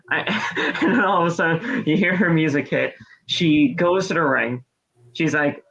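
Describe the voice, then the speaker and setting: A man co-hosting a podcast, casually recapping a wrestling show with rambling play-by-play and quick impressions. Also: fairly high pitch, pushed and bright, dull audio. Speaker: podcast co-host.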